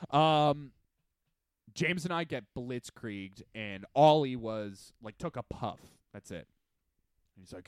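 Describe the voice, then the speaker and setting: Animated young man telling stories. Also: medium pitch, takes it slowly, clear, resonant tone, no room sound, studio quality. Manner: animated storytelling, acts out friends' lines. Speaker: podcast co-host. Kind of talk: casual chat.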